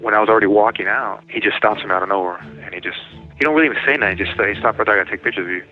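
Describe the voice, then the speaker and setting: Fast-talking man on a tinny phone line. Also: fairly low pitch, soft background music. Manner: rambling, self-correcting, retells dialogue. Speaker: interviewee telling his story. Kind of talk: personal account in casual talk.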